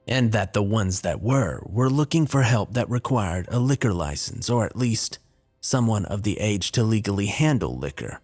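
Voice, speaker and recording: A man's voice: lowish voice, a little mellow. A man narrating a scripted horror story in a wry, dry, confessional tone. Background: faint music.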